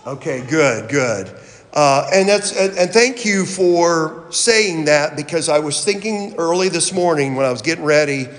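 High-voiced pastor in an echoey church. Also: male voice, measured pace. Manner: animated, playful with children. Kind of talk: children's sermon. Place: church sanctuary. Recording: echoey hall from far off.

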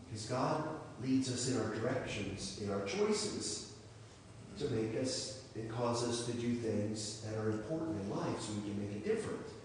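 A man giving a children's sermon as pastor, telling a story in an animated way and asking questions. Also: medium pitch, moderate pace, slight background noise. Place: church sanctuary. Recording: echoey church hall, mic far off.

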